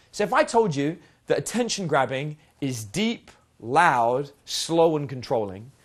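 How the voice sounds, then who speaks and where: A man teaching a dating seminar in a lively, casual way, swearing now and then and acting out example lines. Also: fairly high pitch. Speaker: dating coach. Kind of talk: spoken seminar lesson.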